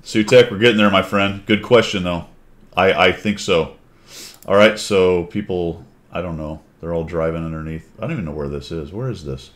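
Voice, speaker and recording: A man's voice: low voice, normal speed. A man hosting a casual chat, rambling and thinking aloud. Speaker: host.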